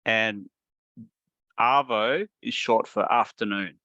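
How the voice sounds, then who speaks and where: A man's voice: fairly low pitch, slow pace, bright, forceful tone, dry recording, muffled recording. A man with an Australian accent, co-hosting a casual podcast and asking the questions over a video call. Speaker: podcast co-host.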